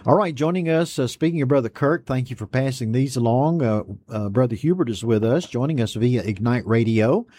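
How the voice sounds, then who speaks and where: A man hosts a Bible study broadcast, reading each viewer's greeting aloud and then answering it in a relaxed, folksy way. His voice is dark and mellow. His pitch sits in a middle range. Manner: folksy and unhurried, reads messages aloud then chats back. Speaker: host of an online Bible study program.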